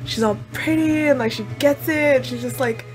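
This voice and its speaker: A woman's voice: sits high, normal speed, soft background music. Chatty woman reacting to anime. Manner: chatty and expressive, heavy use of "like"; laughs often, exclaims at the screen. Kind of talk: casual reaction commentary.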